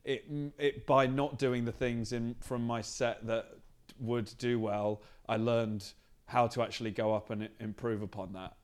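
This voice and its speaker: In a backstage green room, a non-binary comedian guesting on a podcast chats casually and thoughtfully, often restarting sentences while searching for words. The voice is medium-pitched and steady, a little slow.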